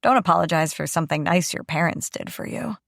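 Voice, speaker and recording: A woman's voice: on the low side, fairly quick, creaky, a bit bright, dry recording, clean studio sound. A female audiobook narrator voicing a teenage boy who talks in a plain, matter-of-fact way. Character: easygoing teenage boy, practical.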